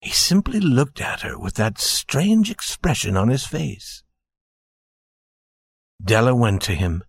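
A man narrating a story slowly and gently, addressing listeners as dear friends. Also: medium pitch, very animated, creaky, breathy edge, dry recording.

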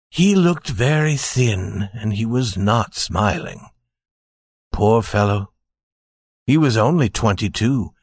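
A man narrating a story slowly and gently, addressing listeners as dear friends. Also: mid-range voice, no echo.

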